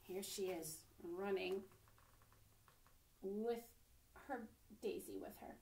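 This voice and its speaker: An animated storybook reading by a woman for young listeners, who stops every so often to point out what's in the pictures. Acoustically it's echoey and distant-miked, with a faint rumble present.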